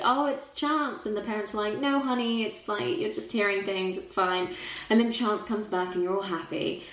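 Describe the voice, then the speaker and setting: A young adult woman in casual film chat, telling the story with big emotional swings and laughs. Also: medium pitch. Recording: roomy echo.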